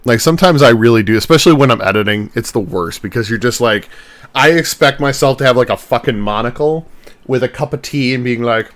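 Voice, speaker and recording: While editing his show live on stream, a young podcaster talks casually, rambling with self-mocking humour and occasional swearing. He has a medium-pitched, fairly bright voice, talks a little fast, and there's no echo.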